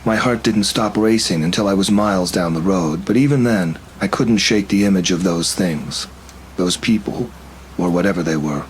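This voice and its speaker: A narrator with a fairly low male voice tells his horror story in the first person, keeping things steady and tense at a normal speed. A faint hum runs under the low-quality recording.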